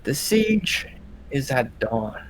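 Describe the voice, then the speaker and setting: A man voicing a blunt female dwarf warrior, talking curtly while she spars, a little higher than his own voice. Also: big pitch swings, slow pace, a little hiss or hum, poor audio. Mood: confident. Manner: curt, crude.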